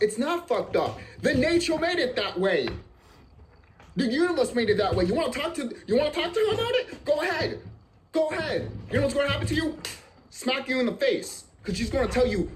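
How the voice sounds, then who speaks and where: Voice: high voice, sing-song, a little fast, poor audio. A vlogger delivering a profane, emphatic ranting monologue and repeating phrases for emphasis. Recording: clear background noise.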